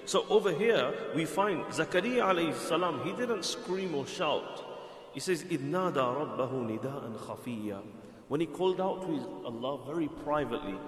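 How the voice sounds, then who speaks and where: A man's voice: a little high, expressive, normal speed, echoey room, in a large hall. A man giving a sermon, earnest and explanatory, repeating phrases for emphasis. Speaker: Islamic preacher.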